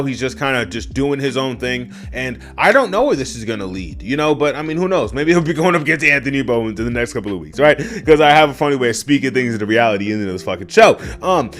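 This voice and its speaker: A man casually reviewing a wrestling show on his own, swearing freely, talking to his chat and breaking into loud yelled asides. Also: mid-range voice. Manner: animated, profane, addresses chat, bursts into loud yelled asides. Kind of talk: casual solo review rant.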